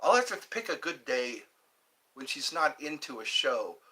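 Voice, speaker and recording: A man hosting a casual livestream from home, rambling cheerfully between topics and answering viewer comments. His voice is bright and slightly high, and his pitch leaps around. He speaks slowly. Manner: chatty, rambling, animated, with pitch leaps when greeting viewers. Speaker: livestream host.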